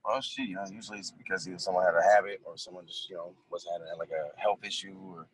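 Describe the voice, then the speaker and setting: A man's voice: deep voice, fairly even intonation, fast talker, a little hiss or hum, low-quality recording. A young man from California, a music producer, chatting casually as a podcast guest and telling loose stories full of slang and laughter. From Merced, California. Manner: laid-back, loose storytelling with frequent laughs and slang. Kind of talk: casual chat.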